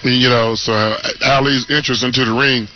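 A man who played pro football, co-hosting a casual sports radio show and making his points in a relaxed, drawn-out way. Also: mid-range voice, a little hiss or hum. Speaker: former NFL player, co-host. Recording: dull radio broadcast sound.

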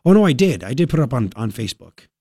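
A man's voice: mid-range voice, very animated, very fast, mellow, breathy edge, dry recording. A man hosting a talk radio show, ranting with sarcastic indignation into a studio microphone.

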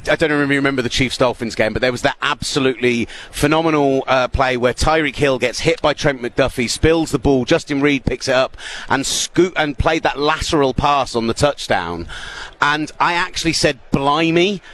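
A British man in his thirties, chatting casually as an interview guest with lively storytelling. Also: mid-range voice, normal speed, a little hiss or hum. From United Kingdom. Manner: chatty, animated storytelling with laughs. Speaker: radio broadcaster guest.

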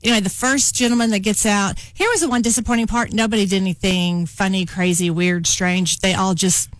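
A woman's voice: mid-range voice, fairly even intonation, a little fast, dry recording. Chatty middle-aged woman, dry studio sound. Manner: chatty storyteller, laughs often. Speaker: radio show co-host. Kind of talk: casual chat, recapping a TV show.

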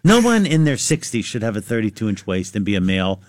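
A man's voice: lowish voice, big pitch swings, fast, no echo. Rambling self-deprecating middle-aged man. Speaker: lawyer and radio co-host. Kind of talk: casual radio banter. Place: radio studio.

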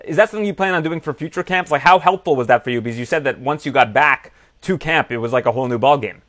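A man interviewing a fighter, asking brisk conversational questions. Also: mid-range voice, a bit bright, no room sound, studio quality.

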